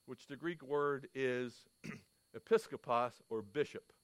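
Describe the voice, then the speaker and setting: A man's voice: medium pitch, slow, no room sound. A man preaching a sermon, telling stories and asking his listeners questions with emphasis. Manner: emphatic, storytelling, asks the audience questions.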